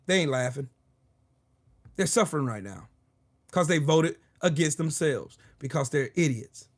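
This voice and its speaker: Furious, high-voiced man ranting. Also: expressive, a little slow, pauses often. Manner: angry, profane, sarcastic ranting; repeats short phrases for emphasis. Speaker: political commentary channel host. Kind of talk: solo ranting commentary video.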